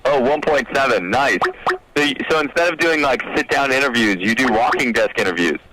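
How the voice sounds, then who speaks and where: A man calling in to a live show as the guest's younger brother, friendly and quick to laugh. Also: medium pitch, lively intonation, bright, forceful tone, low-quality recording. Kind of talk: phone-in chat.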